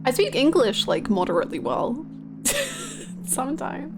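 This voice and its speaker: A young woman with an Australian accent chats casually with her live-stream audience. She is bubbly and giggly, with a slightly high voice. Faint music plays behind her. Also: wildly swooping pitch, measured pace. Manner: bubbly, chatty, laughs and gasps often. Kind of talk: casual live-stream chat, greeting viewers.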